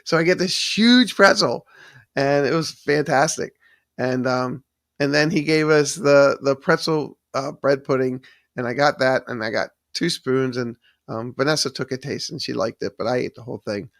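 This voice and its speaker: The livestream host, a man with a gravelly, medium-pitched voice, talks at a normal speed in a steady tone, rambling through his story, often restarting lines and naming chat viewers as he thanks them. The recording is close and dry, with little room sound.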